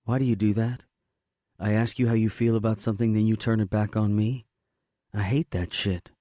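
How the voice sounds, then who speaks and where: A man's voice: lowish voice, fairly even intonation, normal speed, warm tone, no echo, clean studio sound, voice pushed up, lightly acted. Man doing a sarcastic tough biker woman. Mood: sharp. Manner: blunt and sarcastic. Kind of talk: audiobook character voice.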